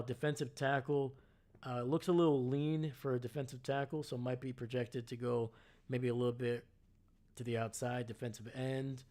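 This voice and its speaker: A man's voice: medium pitch, fairly even intonation, moderate pace, darkish tone. A tired man giving casual, rambling live-stream commentary to his chat, often correcting himself as he goes. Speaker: live draft reaction streamer.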